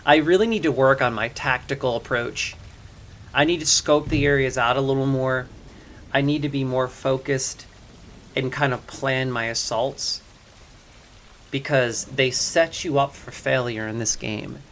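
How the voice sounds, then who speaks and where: Bright-voiced chatty male game streamer. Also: medium pitch, fairly even intonation, a little slow, slight background noise. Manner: chatty, thinks aloud to chat; jumpy and loud when startled. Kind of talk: live gameplay commentary.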